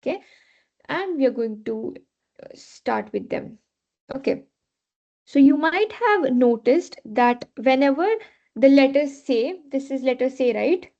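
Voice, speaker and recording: Woman teacher going slow over french rules, fairly high voice, kinda dull lo-fi sound. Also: expressive, mellow. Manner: patient, repeats rules with many okays. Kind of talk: live online class teaching. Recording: dull lo-fi class recording.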